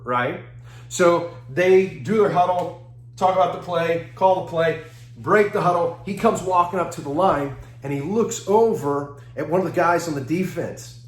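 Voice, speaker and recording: A man with a fairly high voice gives a seminar talk, spinning lively anecdotes and chuckling as he acts out what others said. The room around him is echoey and roomy. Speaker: seminar speaker.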